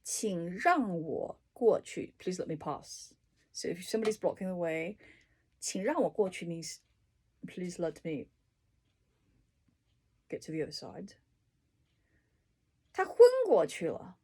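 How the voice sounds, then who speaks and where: Taking her time, a woman tutor goes through the dictionary entry by entry in a relaxed way. She gives each word a plain example and sometimes adds a quiet aside, her voice a bit low and slightly husky.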